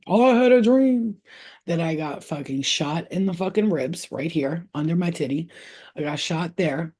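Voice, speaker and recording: A woman's voice: low voice, normal speed, dark tone, breathy edge. A woman hosting a casual spiritual livestream, talking bluntly in streetwise slang with plenty of swearing and stopping now and then to scold her cat. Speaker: spiritual healer and livestream host.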